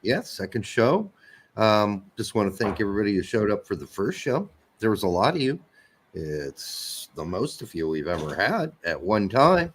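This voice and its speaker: Brief: male podcast co-host, casual rambling banter, lively swooping pitch, jokey and profane. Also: moderate pace, a little hiss or hum. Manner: rambling, joking, swears freely.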